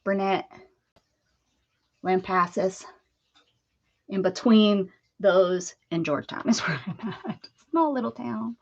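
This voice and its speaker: A woman's voice: medium pitch, slow pace, long pauses, highs cut off. A woman from the Pittsburgh area hosting a crafting live stream, chatting casually and greeting viewers by name as she works.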